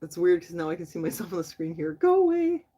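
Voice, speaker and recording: Husky, warm, and fairly low, her voice is monotone yet fast. As host of a casual late-night livestream, she chats loosely with viewers, addressing the chat directly and laughing often in a friendly manner.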